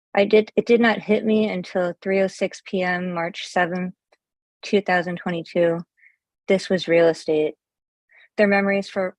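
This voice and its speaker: A woman reads her poems in a deadpan, flat way, with hardly any rise or fall. Her voice sits a bit low, and the sound is dry and close, over a video call. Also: dry recording. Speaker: open mic poet. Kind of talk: poetry reading.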